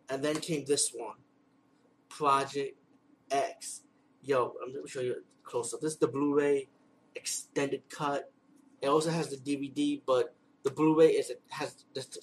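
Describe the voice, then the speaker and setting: A man giving a casual unboxing and review vlog, excitable and rambling, swearing freely. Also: medium pitch, slight background noise, poor audio. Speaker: movie reviewer.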